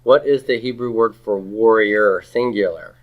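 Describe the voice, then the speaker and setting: A man's voice: on the low side, measured pace. A man teaching a grammar class, asking students questions, repeating their answers and leading them in saying words aloud. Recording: slightly dull lo-fi classroom recording.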